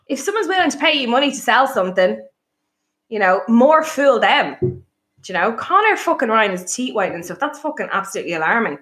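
A woman chatting casually on a podcast, telling stories in a blunt, animated, sweary way. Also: a little high, fairly quick. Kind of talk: casual chat.

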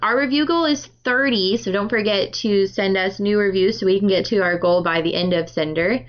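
A woman hosting a casual book-club podcast, animated and laughing often. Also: medium pitch, moderate pace. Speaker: podcast host. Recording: dull lo-fi sound.

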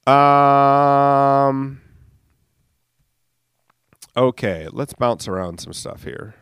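A man in his late thirties hosts a solo podcast on a studio microphone, rambling casually with lots of fillers, self-mocking jokes and swearing. His voice is mid-range with lively intonation at a moderate pace, and the recording is dry and studio quality.

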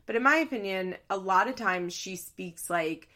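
A woman's voice: medium pitch, animated, moderate pace, pushed and bright. Chatty, opinionated woman recapping. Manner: chatty, opinionated, acts out quotes in other voices. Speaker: commentator recapping a reality show. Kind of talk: casual chat.

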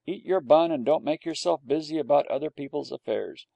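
A sensible old mother dog lecturing her pup with homely advice, lightly raised by the gravelly-voiced man reading. The storybook sound is close and dry. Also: fairly high pitch, a little fast, mellow, dry recording. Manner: lecturing, homespun.

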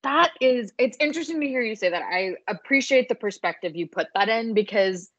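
A woman's voice: on the high side, expressive, a little fast, a bit bright, no room sound, lo-fi sound. A young adult woman co-hosting a podcast, chatting casually about a reality show, often restarting her sentences and swearing casually. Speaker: podcast co-host. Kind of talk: casual recap chat.

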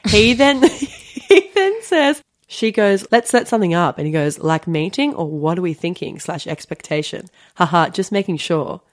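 A young woman co-hosting a podcast, telling a story in a casual, animated way, with many fillers and quick laughs. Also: on the low side. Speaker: podcast co-host.

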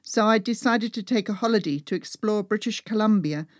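A woman's voice: mid-range voice, brisk, no echo, studio quality. A woman narrating a first-person story as an audiobook, reading dramatically and dropping to a whisper in tense moments.

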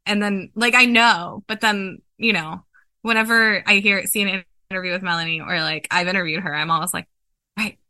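A woman guesting on a casual podcast, talking in an animated, chatty way. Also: mid-range voice, a little fast, dry recording. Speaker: podcast guest, film critic. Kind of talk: casual chat.

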